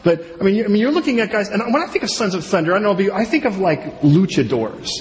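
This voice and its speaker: A middle-aged man preaching a sermon, telling the story with humor and acting out the people he quotes. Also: sits high. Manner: animated, jokey storytelling with quick voiced asides. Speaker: pastor. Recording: long hall reverb, faint room noise.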